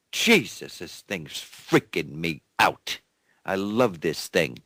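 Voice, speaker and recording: A man's voice: low voice, sing-song, slow pace, fairly bright tone, no echo. A man hosting his own show, exasperated, cursing and repeating himself as he rambles on air. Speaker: show host.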